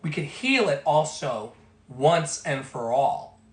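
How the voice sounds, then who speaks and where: A man's voice: on the high side, big pitch swings, takes it slowly. Emphatic life coach man, echoey room. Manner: emphatic, repetitive, preacher-like. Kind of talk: motivational talk. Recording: echoey room with faint music.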